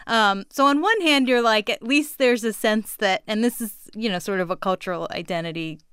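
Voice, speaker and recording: A woman's voice: medium pitch, moderate pace, fairly bright tone, smooth, no room sound, studio quality. A woman from California speaking as a guest on a panel, chatty and frank, often laughing as she talks. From Orange County, California. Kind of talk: casual panel discussion.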